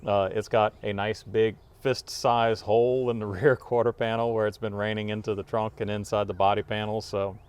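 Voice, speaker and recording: Garage host guy, easy laughing chat, smooth clean voice. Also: on the low side, level tone. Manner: upbeat, quick to laugh, rambling explanations. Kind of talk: casual chat.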